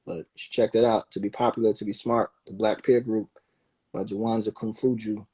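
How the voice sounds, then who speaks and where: Husky man ranting on a livestream. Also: lowish voice, fairly quick. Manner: animated, profane, acts out voices of other people. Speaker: livestream host. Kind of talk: casual livestream rant. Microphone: phone.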